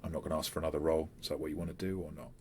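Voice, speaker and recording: A man's voice: a bass voice, fairly even intonation, very fast, a little hiss or hum. A man running a tabletop role-playing game as game master, chatty and stop-start with many fillers.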